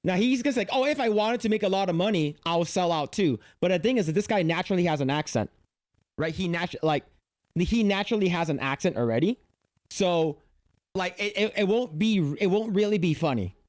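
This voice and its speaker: A man with a rather high voice reacts to a video on his livestream, swearing freely and circling back over his own words in disbelief. His outbursts are blunt and exasperated. The sound is dry and close, with no room echo. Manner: profane, exasperated, repeats himself. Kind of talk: casual reaction commentary.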